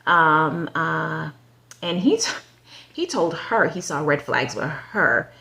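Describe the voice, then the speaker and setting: A woman's voice: low voice, animated, takes it slowly, creaky, sharp tone. A woman in a casual, chatty show recap who rambles with lots of "um", "like" and "you know", giving her opinions and speaking straight to the people she discusses.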